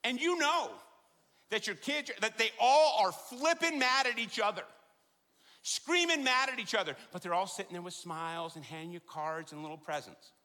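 A middle-aged man preaching a sermon in a large church, joking and then driving points home with loud emphasis. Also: high-pitched, normal speed. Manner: animated, jokey preaching with sudden loud emphasis. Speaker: pastor. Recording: long hall reverb.

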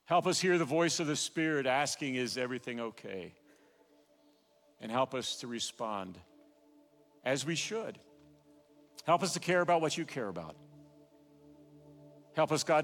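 A man preaching a sermon in a church, swelling with passion and then falling to a hushed, quiet prayer. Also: mid-range voice, lively intonation, moderate pace, pauses often, big-room sound, faint music behind. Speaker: pastor. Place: church sanctuary.

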